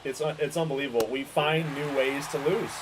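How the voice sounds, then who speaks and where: A man's voice: a little high, steady tone, fairly quick, noisy background. A man calling a baseball video game play by play, exasperated and swearing as his team loses. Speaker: gaming streamer calling the game.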